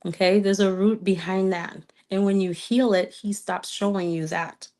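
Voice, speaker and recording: A woman with a slight accent answers viewer questions in a live stream, speaking at a middling pitch. She coaches earnestly, repeats her main points for emphasis and keeps checking in with "okay?". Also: steady tone, moderate pace, darkish tone. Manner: repeats key phrases for emphasis. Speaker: twin flame coach.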